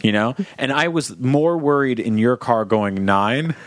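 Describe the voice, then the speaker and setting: A man's voice: mid-range voice, expressive, measured pace, a little hiss or hum. A man from New Jersey co-hosting a comedy podcast, telling a long story and imitating his friends with laughs. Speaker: podcast co-host. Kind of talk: casual storytelling chat.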